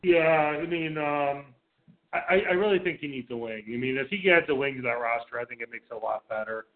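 A man co-hosts a casual sports radio chat, blunt and swearing freely, often stammering and restarting. His voice sits at an ordinary middle pitch. It comes through thin and narrow, like a phone line. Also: brisk. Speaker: radio show co-host. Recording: phone-like lo-fi sound.

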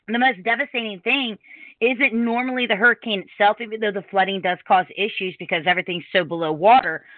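A woman hosting a podcast in casual chat, talkative and quick to laugh as she tells stories. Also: mid-range voice, dry recording. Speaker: podcast host. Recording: dry, tinny phone-like sound.

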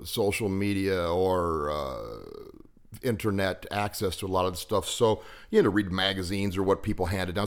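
A man in his fifties, a podcast guest, telling stories in a rambling, hesitant casual chat full of fillers. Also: fairly low pitch. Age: 50s.

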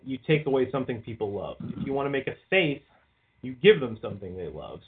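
A man co-hosting a podcast in casual, rambling chat, swearing freely and leaning on "like" a lot. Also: medium pitch. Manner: rambling, swears often, leans on "like". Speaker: podcast co-host. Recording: tinny phone-like line.

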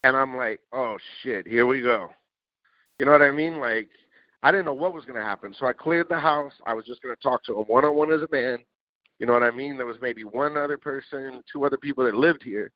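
Casting: male podcast guest, lively storyteller, swears freely, acts out dialogue; muffled, dry recording. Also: medium pitch, fairly quick, dry recording. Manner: animated, swears, acts out quotes. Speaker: interview guest, music producer. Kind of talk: casual storytelling. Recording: dull lo-fi dry sound.

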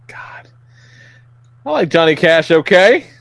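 A man's voice: a little high, big pitch swings, takes it slowly, vocal fry, fairly bright tone, no room sound. A man co-hosting a podcast, chatting casually with wry, sighing reactions. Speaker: podcast co-host. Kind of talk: casual chat.

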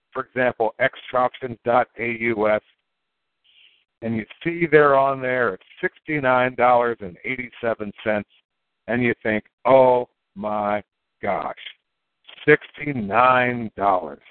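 A man explains things in a rambling, animated monologue, his voice jumping up for emphasis as he mimics other people's reactions. It sounds like it was recorded through a tinny, phone-like line. The sound is flat and dry, with no room around it. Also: mid-range voice, dry recording. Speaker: crypto token promoter.

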